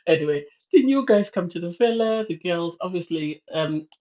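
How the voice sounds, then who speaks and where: A woman's voice: on the low side, lively intonation, moderate pace, warm tone. A woman giving a chatty, opinionated spoken review of a reality dating show. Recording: slightly dull lo-fi sound.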